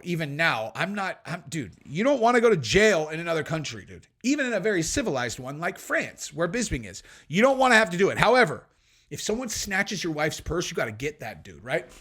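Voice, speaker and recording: A man hosting a podcast, telling stories and commenting in a brash, animated, profane way. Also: on the high side. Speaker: podcast host.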